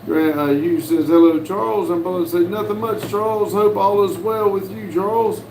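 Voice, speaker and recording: A man from the United States hosting a casual livestream, reading viewers' messages aloud in a folksy, unhurried way with lots of "uh"s. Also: high voice, fairly even intonation, darkish tone, a little hiss or hum. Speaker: livestream host reading chat. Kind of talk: casual live chat. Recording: roomy with faint background ambience.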